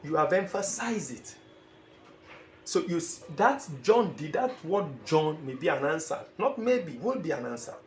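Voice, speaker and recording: A man's voice: a little high, sing-song, unhurried. A man teaching an exam-preparation lesson. He speaks emphatically and repeats phrases, sometimes acting out short dialogues. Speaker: IELTS teacher. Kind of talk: classroom-style lecture. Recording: echoey room with faint ambient noise.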